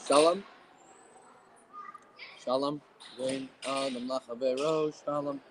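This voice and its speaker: A man moderating a group video call, sharing ideas in an animated, playful way. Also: mid-range voice, takes it slowly. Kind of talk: casual group-call hosting. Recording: noisy video call audio.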